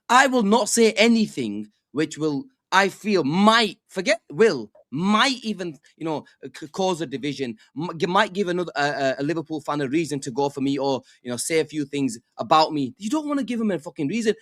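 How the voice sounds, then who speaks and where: Man, fairly high voice, halting and repetitive, sweary, dry room. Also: a bit bright, no echo. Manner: halting, repeats words, swears when riled. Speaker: football podcast panelist. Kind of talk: casual fan chat.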